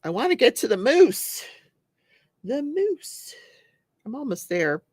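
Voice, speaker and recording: A woman's voice: fairly high pitch, big pitch swings, slow pace, darkish tone, husky, no room sound. A woman in her forties hosting a live crafting stream, chatting casually, often laughing and reading viewer comments aloud. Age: 40s. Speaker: host of a live crafting show.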